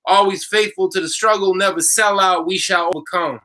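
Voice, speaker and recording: A man co-hosting a discussion, an animated storyteller who calls out slogans. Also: high voice, normal speed, a little hiss or hum. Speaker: co-host, teacher. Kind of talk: casual discussion.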